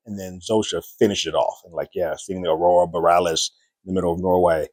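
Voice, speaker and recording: A man's voice: sits low, steady tone, rapid-fire, a little mellow, no echo. A man giving a casual spoiler review of a TV episode, retelling scenes and acting out characters' lines with raised voices.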